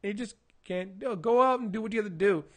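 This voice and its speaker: A man co-hosting a casual podcast about comic books, retelling stories in an animated way with lots of fillers. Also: high voice, fairly quick. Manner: animated storyteller, acts out quotes, many fillers. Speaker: podcast co-host. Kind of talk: casual comic book chat.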